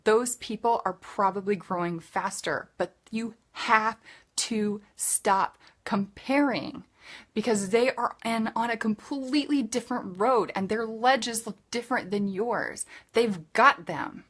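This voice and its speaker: A woman's voice: a little high, a little slow. A woman leading a direct-sales team, giving an earnest, emphatic motivational pep talk in a live video, with lots of repetition.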